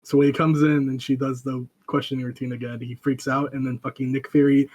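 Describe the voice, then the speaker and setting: A man's voice: medium pitch, level tone, fairly quick, a little mellow. A young man chatting on a podcast, retelling comic scenes in a laid-back, easygoing way. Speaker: podcast co-host. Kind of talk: casual chat.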